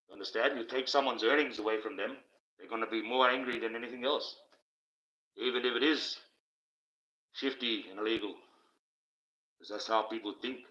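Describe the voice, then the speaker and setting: A man's voice: on the low side, sharp tone. A man rambling on a livestream, talking casually and swearing freely. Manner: profane, rambling, conversational. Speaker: livestream host. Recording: dull, echoey room sound.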